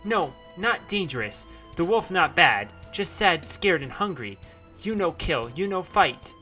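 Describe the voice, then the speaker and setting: A man voicing a gentle, wild young woman who speaks in broken, simple English. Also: high-pitched, very animated, a little slow, faint music behind, pitched above the performer's own voice, heavily acted. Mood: earnest.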